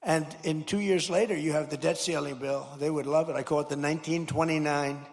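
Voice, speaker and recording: An older man giving a rambling, repetitive campaign-style speech at a podium microphone, rising to shouted slogans. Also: a little high, steady tone, a little fast. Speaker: political speaker. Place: large hall at a high school. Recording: reverberant hall.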